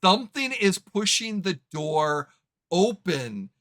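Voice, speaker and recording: Bright-voiced male game master. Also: high-pitched, big pitch swings. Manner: halting, self-correcting rulings. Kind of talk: running a tabletop game.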